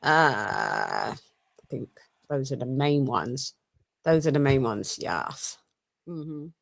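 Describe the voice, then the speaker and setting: A woman's voice: a bass voice, big pitch swings, slow pace, gravelly. A British woman hosting a casual online show, chatty, laughing and loose with her words. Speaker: host. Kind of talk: casual chat.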